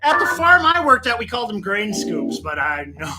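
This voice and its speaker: A man's voice: high-pitched, very animated, moderate pace, very noisy. A man hosting a late-night livestream, chatting casually in a rambling, laid-back way with lots of swearing. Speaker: musician and livestream host. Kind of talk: casual profane chat between organ jamming. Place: studio. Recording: loud organ music behind. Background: Hammond organ playing.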